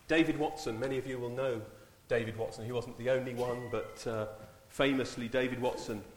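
Man giving a halting, echoey church talk. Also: mid-range voice, steady tone, a little hiss or hum. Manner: warm, halting, repeats words. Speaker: church leader. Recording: echoey church hall, far mic.

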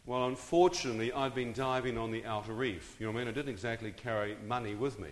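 A man's voice: medium pitch, steady tone, quick pace, hardly any pauses. A middle-aged man dramatically telling his own story to an audience, often turning to them with questions and asides. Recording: long reverb of a large hall.

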